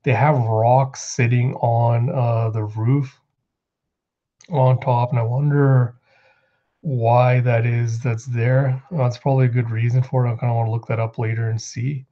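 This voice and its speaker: A man's voice: medium pitch, flat delivery, a little slow, dull audio. A man hosting his own channel, casually recapping a manga chapter and reading the characters' lines aloud. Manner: rambling, reads character lines aloud in quotes.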